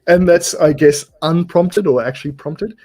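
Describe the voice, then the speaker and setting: A man's voice: a little high, moderate pace, darkish tone. A man with an Australian accent, a guest on a developer show. He chats casually and hesitantly, with many fillers. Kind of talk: casual tech chat.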